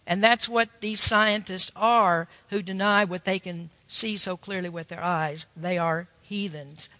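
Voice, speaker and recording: A man's voice: high-pitched, fairly even intonation, unhurried, pushed and bright, no room sound, big-room sound. A man preaching a sermon, telling a folksy story with emphatic turns.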